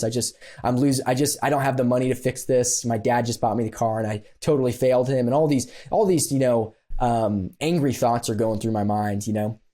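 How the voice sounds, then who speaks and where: A man, a guest on a podcast, telling a story in an animated, self-deprecating way with lots of "um" and "you know.". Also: mid-range voice. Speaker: podcast guest, business consultant. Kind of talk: conversational storytelling.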